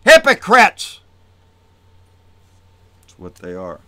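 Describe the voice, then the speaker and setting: Man ranting about politics: bright, lively pitch, dry close sound, profane and fired up. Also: normal speed, dry recording. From Texas. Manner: profane, fired-up, swings between muttering and shouting. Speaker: political vlogger. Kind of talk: angry political rant.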